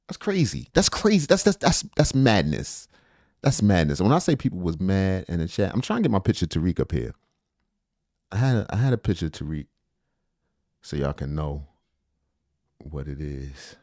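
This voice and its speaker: A middle-aged man hosts a live stream and talks loosely to his chat, joking, laughing and swearing as he goes. His pitch jumps around a lot, and the sound is dry and close to a desk mic. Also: very animated, normal speed, pauses often, no room sound.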